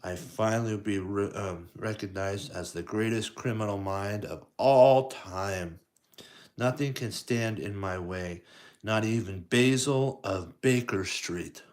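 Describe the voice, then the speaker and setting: A man voicing a boastful, scheming villainous rat mastermind as he reads a storybook aloud, talking slowly with a sneer. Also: fairly low pitch, expressive.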